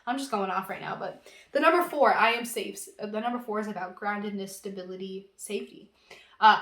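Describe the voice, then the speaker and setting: A woman giving an intuitive tarot reading, talking in a gentle, reassuring and casual way with lots of fillers. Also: medium pitch, fairly quick, echoey room. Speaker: tarot reader.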